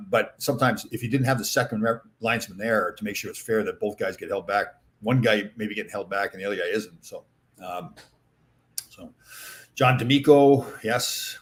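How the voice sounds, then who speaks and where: A man's voice: fairly low pitch, moderate pace, fairly bright tone. A man in his sixties, a former hockey player hosting a casual chat, telling rambling stories with many fillers. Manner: rambling anecdotal storytelling with fillers. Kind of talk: casual chat answering viewer comments.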